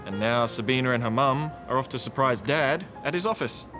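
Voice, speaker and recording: A man with an Australian accent, presenting a children's TV show, narrating clearly and playfully for young children. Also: medium pitch, expressive, fairly quick, music in the background. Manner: clear, simple and playful, makes animal and car noises. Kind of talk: slow, gentle storytelling narration for young children.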